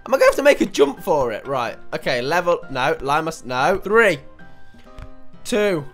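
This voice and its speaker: A young man commentating a video game, panicking and shouting one moment, muttering to himself the next. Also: on the high side, sing-song, brisk, faint music behind. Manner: shouty, panicky, swings between yelling and muttering. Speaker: gaming YouTuber. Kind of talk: excitable let's play commentary.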